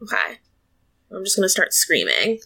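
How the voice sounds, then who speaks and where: A woman's voice: mid-range voice, wildly swooping pitch, normal speed, vocal fry, sharp tone, husky. A woman playing a tabletop game, hesitant and thinking aloud as she narrates her character. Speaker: player. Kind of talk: tabletop role-play.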